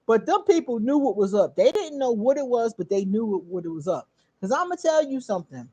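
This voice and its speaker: Lively, high-voiced woman telling a story. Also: a little fast, breathy edge, dry recording, dull audio. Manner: animated, laughing often, swearing freely; talks straight to viewers. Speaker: channel host. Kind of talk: casual storytelling to camera.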